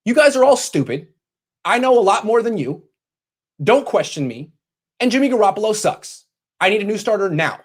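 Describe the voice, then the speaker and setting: A man's voice: high-pitched, sing-song, normal speed, pauses often, voice pushed up. A man putting on an arrogant male football head coach who talks down to everyone, boastful and dismissive, recorded in his bedroom.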